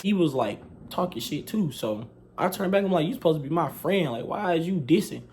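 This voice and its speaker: A young man, casually retelling a school story, animated, slangy and profane. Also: fairly high pitch, a little fast, slight background noise. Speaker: vlogger telling a story.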